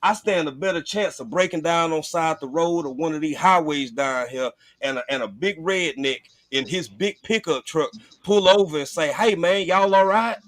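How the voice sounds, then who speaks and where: A man hosts a casual chat in a slightly high voice. He talks bluntly and profanely. The sound is dry and close, with no room in it. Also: moderate pace, a bit bright, no room sound. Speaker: host.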